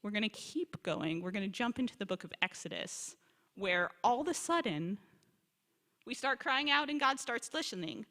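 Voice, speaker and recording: Visiting woman scholar, bright and forceful tone, lively teaching to a congregation, echo of a big sanctuary. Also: on the high side, moderate pace. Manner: animated storyteller, quotes Hebrew and asks the room questions. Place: synagogue sanctuary. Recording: long hall reverb.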